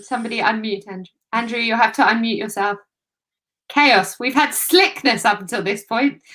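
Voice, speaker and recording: A woman's voice: fairly high pitch, moderate pace, fairly bright tone. A woman hosting a live video call, reading out tributes and keeping things moving.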